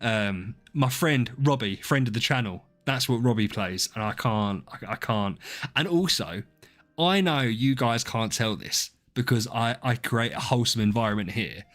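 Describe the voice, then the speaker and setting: A man's voice: mid-range voice, animated, normal speed, a bit bright. Rambling man streamer chatting to viewers. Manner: rambling, self-deprecating, talks to chat by name. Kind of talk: casual live-stream chat. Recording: faint music behind.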